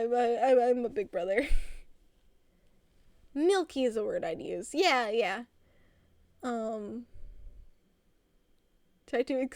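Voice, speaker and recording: Giggly woman streamer with a high voice. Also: a little mellow, no echo. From American South. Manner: giggly, rambling, frequent laughs. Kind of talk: casual chat.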